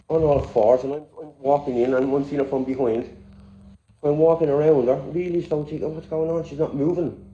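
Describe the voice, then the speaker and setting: A man's voice: medium pitch, mellow, echoey room, muffled recording, slight background noise. A middle-aged Irish man telling a funny childhood story in a casual vlog, laughing often as he goes. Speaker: vlogger.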